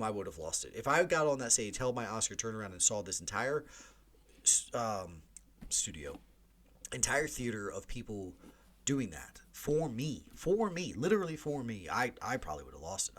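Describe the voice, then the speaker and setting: Animated chatty man, low voice. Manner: animated, swings pitch widely for emphasis; chatty, jokey asides. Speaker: podcast host. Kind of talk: casual movie podcast monologue.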